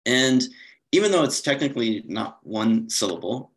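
A man's voice: mid-range voice, sing-song, measured pace, fairly bright tone, poor audio. A man giving a slide-based conference lecture, explaining steadily with occasional fillers and self-corrections. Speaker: conference presenter.

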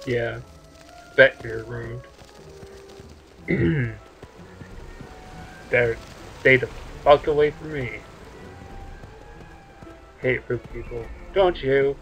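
A man's voice: medium pitch, steady tone, very slow, pauses often. A man commenting on a game he is playing, joking and crude in laid-back asides. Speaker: let's play host. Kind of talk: gameplay commentary. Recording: dull lo-fi mic with game music.

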